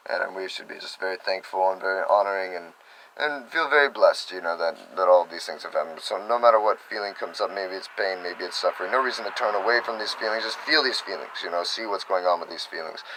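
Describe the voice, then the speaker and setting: A man giving an unhurried, earnest spiritual talk, full of fillers and soft asides. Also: on the low side, a little hiss or hum, rough recording. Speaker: spiritual teacher.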